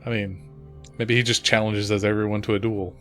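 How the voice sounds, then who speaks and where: A man's voice: fairly low pitch, flat delivery, brisk, a bit bright, soft background music. A man playing in a tabletop game, chatting casually and often stopping and restarting his sentences. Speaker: player.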